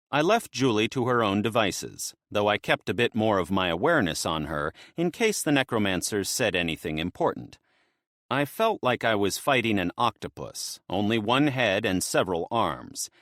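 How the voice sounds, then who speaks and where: A man narrating an audiobook in the first person, in a lively, expressive storytelling manner. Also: on the low side, no room sound, clean studio sound.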